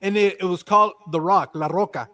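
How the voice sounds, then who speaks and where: A man in his fifties telling a story in casual chat. He is animated, acts out the voices of the people in it, and swears casually. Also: high-pitched, brisk. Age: 50s.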